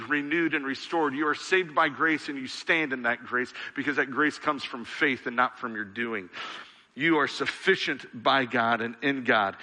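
A man's voice: medium pitch, pushed and bright. Earnest male pastor preaching in a hall. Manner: earnest, repetitive, building lists. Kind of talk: sermon. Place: church.

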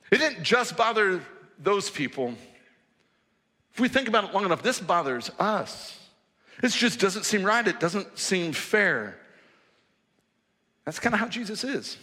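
A male pastor preaching in a church hall, with a bright, fairly high voice. He tells the story in an animated, conversational way, and his words trail into long reverb. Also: unhurried, long pauses. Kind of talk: sermon.

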